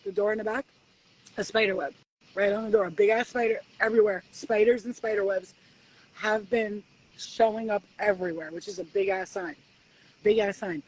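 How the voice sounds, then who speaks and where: A woman giving spiritual readings at home in a casual live-stream chat, animated and swearing freely as she acts out conversations with spirits. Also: mid-range voice, normal speed, slightly rough, rough recording. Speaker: spiritual reader.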